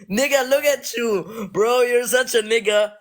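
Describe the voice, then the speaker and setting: A man's voice: extremely high pitch, takes it slowly. A man calling into a debate, taunting and hurling insults. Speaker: caller.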